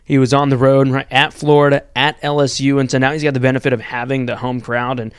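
A young man co-hosting a student sports podcast, giving steady, thought-through football analysis in long run-on points. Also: medium pitch, fast, smooth, dry recording, studio quality.

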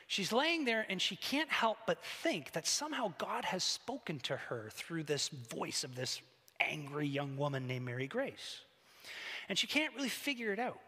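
Animated pastor preaching in a hall. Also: male voice, high voice. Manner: animated storytelling, conversational asides. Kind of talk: sermon. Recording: long hall reverb.

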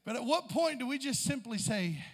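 A man delivers a sermon in a strikingly high voice, swelling from quiet reflection to fervent, near-shouted appeals. His words ring out with a long reverb, as if he were recorded in a large hall. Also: expressive, moderate pace, creaky. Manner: impassioned, building to near-shouts with church interjections. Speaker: preacher.

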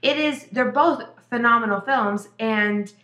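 A woman's voice: fairly high pitch, unhurried, pushed and bright. Blunt, profane woman in an echoey room. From Mexico. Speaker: podcast co-host. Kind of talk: casual chat.

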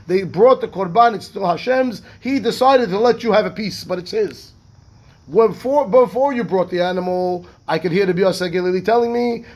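A man, a rabbi teaching a Talmud class, reading text quickly and explaining it in rhetorical questions. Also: high-pitched, husky. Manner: animated, reads Hebrew text fast then explains in English; asks rhetorical questions, acts out the rabbis' voices.

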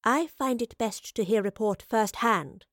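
Learned woman professor, calm, measured, careful, voiced by a woman reader, dry sound. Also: fairly high pitch, no room sound.

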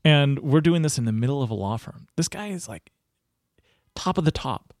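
A man's voice: medium pitch, lively intonation, moderate pace, darkish tone, no room sound. A man in his thirties, a coaching guest, talking casually and animatedly. He swears freely and plays out the dialogue in his stories. The recording is dry and close. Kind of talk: casual storytelling interview.

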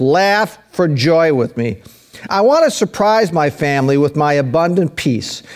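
A man's voice: mid-range voice, darkish tone. A middle-aged man preaching a sermon with emphatic delivery, repeating key phrases for weight. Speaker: pastor.

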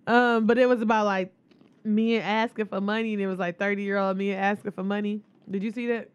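A woman's voice: medium pitch, little pitch movement, a little fast, clean tone, muffled recording. A woman co-hosting a podcast in loose, profane casual chat, laughing often as she retells stories. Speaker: podcast co-host.

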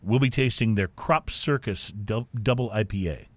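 A man from Texas co-hosting a casual chat, animated and chatty with plenty of fillers. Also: on the low side, normal speed, dry recording. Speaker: co-host.

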